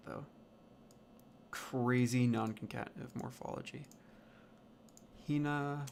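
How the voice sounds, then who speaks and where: A man's voice: medium pitch, fairly even intonation, unhurried, creaky, pauses often, slight background noise. A man thinking aloud as he builds a language, muttering, swearing and sounding out invented words again and again. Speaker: language creator. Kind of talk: thinking aloud while working.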